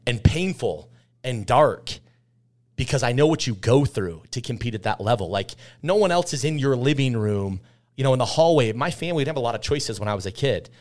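A man in his thirties, a podcast guest telling candid stories in an intense, emphatic way, repeating phrases for weight. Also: medium pitch. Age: 30s. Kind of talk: candid conversational storytelling.

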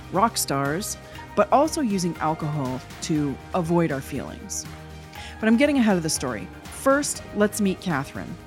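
Woman in her 40s hosting a podcast, low voice, stuffy from a cold, gravelly and nasal, faint music behind. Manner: reflective storytelling. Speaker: podcast host. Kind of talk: podcast intro narration and interview.

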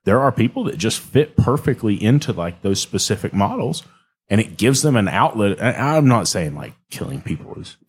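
A man's voice: fairly low pitch, sing-song, moderate pace, breathy edge. A man in casual chat, telling stories and teasing his co-host. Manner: storytelling, teasing.

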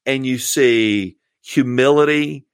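A man's voice: mid-range voice, takes it slowly, clean tone, dry recording, clean studio sound. A man, a pastor, telling stories in an earnest, heartfelt way as a podcast guest. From Georgia, US. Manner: earnest storytelling, warm about mentors. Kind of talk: casual interview chat.

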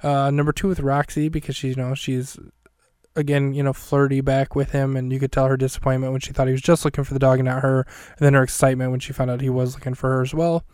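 A man's voice: mid-range voice, completely flat delivery, quick pace, darkish tone, smooth, no echo, studio quality. A man hosting a podcast, casually recapping a film scene by scene in a rambling, self-correcting, light and jokey way. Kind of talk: casual chat.

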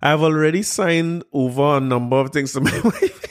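A fairly high-voiced man, reading out a news story and ridiculing it line by line. His voice is incredulous and sarcastic, full of mocking questions. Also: moderate pace, clean tone. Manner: incredulous, sarcastic, laughing at what he reads. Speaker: commentator reacting to a news article.

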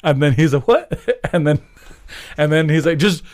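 Animated, profane male storyteller. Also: fairly high pitch, moderate pace. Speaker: podcast co-host. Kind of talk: casual chat.

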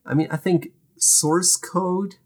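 Husky man chatting with frequent laughs. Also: high-pitched, fairly even intonation. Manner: laughs often, halting restarts. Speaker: conference organizer, guest. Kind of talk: casual podcast chat.

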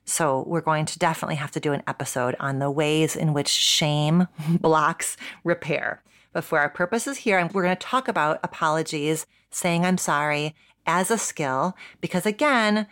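A woman, a couples therapist hosting a podcast, teaching in a reflective way with soft laughs and spoken examples. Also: low-pitched.

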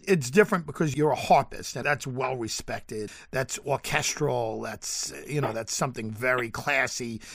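A man's voice: medium pitch, fairly bright tone, no echo. A man with a Long Island accent hosting an interview, asking long, enthusiastic questions. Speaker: podcast host.

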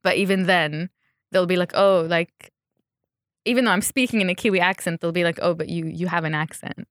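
A woman's voice: on the low side, fairly quick, no room sound. A woman fashion designer chatting in an interview, laughing often and acting out what people said to her. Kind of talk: casual interview chat. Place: Dubai.

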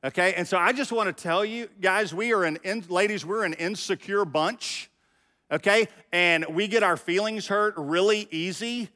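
Preaching to his congregation, a middle-aged man speaks in a conversational, direct way at a normal speed. His voice sits high and sounds pushed and bright, with a long reverb tail trailing after it.

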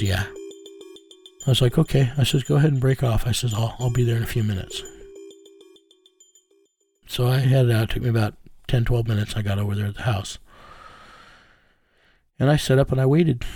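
A man's voice: medium pitch, vocal fry, a little mellow, breathy edge, no echo. A middle-aged man, telling a first-person story in a plain, conversational way and acting out the dialogue. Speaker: private investigator.

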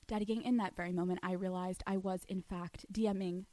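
A young woman hosting a podcast, telling a story in an animated, profane way with lots of laughter. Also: lowish voice, no room sound. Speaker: podcast host. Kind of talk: storytelling monologue.

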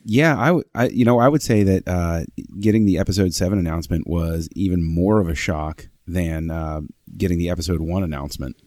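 A man talking as a podcast guest in casual chat, telling stories with bursts of excitement. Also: low voice, fairly quick, hardly any pauses, no room sound, studio quality. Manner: excitable storyteller, acts out his own past excitement.

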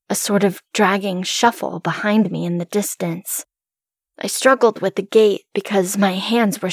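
A woman tells a first-person horror story in a hushed, suspenseful way. Her pitch is an ordinary middle one, and the recording is close and dry with no room sound.

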